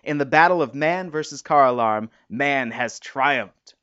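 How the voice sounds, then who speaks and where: A man's voice: mid-range voice, lively intonation, a little fast, dry recording, highs cut off, lightly acted. A man voicing a joking young husband with a dry, teasing wit, close to his own voice. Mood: mock-proud.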